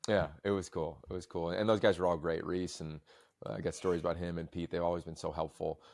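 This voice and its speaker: A man hosting a podcast, telling stories in a long-winded, animated way. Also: deep voice, fast talker, gravelly, no room sound. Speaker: podcast host. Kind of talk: casual chat.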